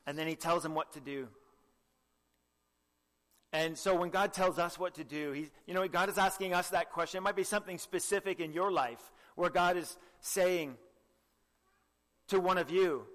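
A young man preaching a sermon with earnest exhortation, often asking the listeners direct questions and clearing his throat. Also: fairly high pitch, fairly even intonation, normal speed, long pauses, a bit bright, long reverb tail.

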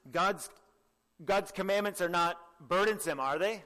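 Young guy preaching, earnest, keeps asking the crowd questions, slightly high voice, big echoey hall. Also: a little slow, sharp tone. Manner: earnest, exhorting, asks the listeners direct questions; clears throat often. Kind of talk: sermon.

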